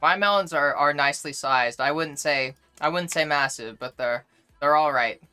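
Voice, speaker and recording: A woman's voice: low-pitched, moderate pace, bright, forceful tone, clear, resonant tone, faint music behind. A young woman chatting casually on a live stream, greeting viewers one by one and joking crudely. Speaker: livestreamer.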